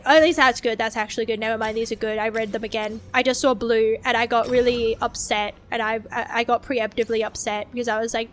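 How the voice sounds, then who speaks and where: A woman's voice: fairly high pitch, steady tone, fast talker, few pauses, fairly bright tone, faint music behind. A woman streaming a game in casual chat, dramatic and whiny, swearing freely as she talks.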